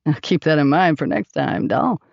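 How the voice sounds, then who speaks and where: A woman voicing a cocky male wartime pilot who speaks in a low, steady, reassuring way. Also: normal speed, vocal fry, husky, no room sound, dull audio, exaggerated voice.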